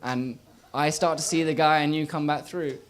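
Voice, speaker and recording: A young man performing a spoken word poem on a small stage, rhythmic, swinging from loud bursts to quiet murmurs. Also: fairly high pitch, fairly even intonation, moderate pace, noisy background. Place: small live venue stage.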